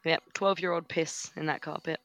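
A man's voice: on the high side, steady tone, moderate pace, fairly bright tone, no room sound. A man co-hosting a podcast, telling crude workplace stories in a wry, casual way. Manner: crude, wry storytelling with laughs. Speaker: podcast co-host. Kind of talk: casual storytelling chat.

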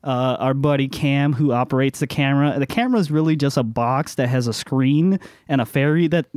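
A man's voice: mid-range voice, brisk, darkish tone, no echo, clean studio sound. A man, a tabletop game player, casually introducing his character, rambling with many fillers.

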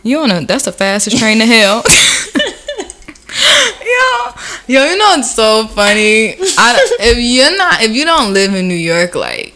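Animated young woman, bright lively voice. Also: on the high side, a little slow, slight background noise. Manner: animated, laughs often, swears freely. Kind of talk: casual chat.

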